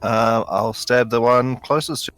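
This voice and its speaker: A man's voice: mid-range voice, steady tone, a little slow, fairly bright tone, soft background music. Unsure guy, average voice, figuring out his turn. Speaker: player. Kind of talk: casual tabletop play.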